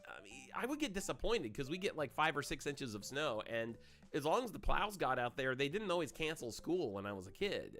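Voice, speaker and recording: A man's voice: on the high side, a bit bright. A man in his forties from Maine hosts a gaming livestream, rambling through chatty stories in a voice trained for FM radio. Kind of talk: casual livestream chat.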